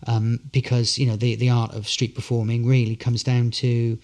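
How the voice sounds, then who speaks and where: A man's voice: medium pitch, flat delivery, moderate pace, a little mellow. Rambling storyteller man. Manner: rambling storyteller, many fillers and restarts. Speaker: guest, street performer. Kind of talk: anecdotal podcast chat.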